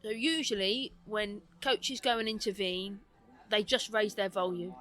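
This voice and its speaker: A guest coach mentor on a podcast, she speaks at a medium pitch with a mixed British accent carrying a London twang. She talks fast and animatedly, with a slight lisp.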